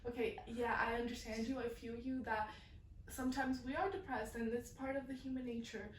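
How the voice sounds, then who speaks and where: Teen girl guest, relaxed and candid, recorded from afar with light noise. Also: on the high side, fairly quick. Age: teens. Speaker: interview guest. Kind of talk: casual interview chat. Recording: echoey room from far off with faint noise.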